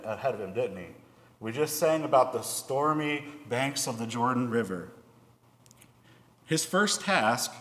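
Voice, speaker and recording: A man's voice: mid-range voice, fairly bright tone. A man preaching a sermon, reading scripture aloud and then explaining it in plain, earnest words. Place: church hall. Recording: echoey hall, long reverb.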